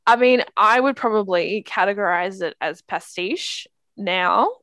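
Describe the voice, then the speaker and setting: A woman in an easy, rambling chat about a novel she found heavy going. Her sentences wander with frequent fillers and restarts. Her voice sits at a middling pitch, recorded close and dry. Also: a little slow, fairly bright tone, no room sound. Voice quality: chatty, many fillers and "like". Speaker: podcast co-host discussing books. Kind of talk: casual book chat.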